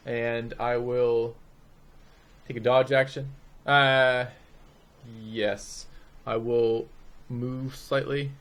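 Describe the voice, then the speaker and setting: Slow, flat-voiced tabletop player. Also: male voice, mid-range voice. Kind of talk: tabletop game chat.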